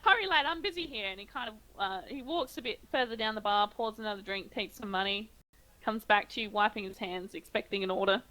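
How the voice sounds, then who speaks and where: A woman's voice: medium pitch, fairly even intonation, brisk, fairly bright tone, low-quality recording. A woman narrating a tabletop game as game master, in a loose, casual way.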